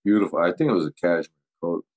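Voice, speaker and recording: Deep-voiced older man telling stories. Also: fast talker, rough recording. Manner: animated anecdotes, acts out quoted voices, laughs often. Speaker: football coach guest. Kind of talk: casual storytelling interview.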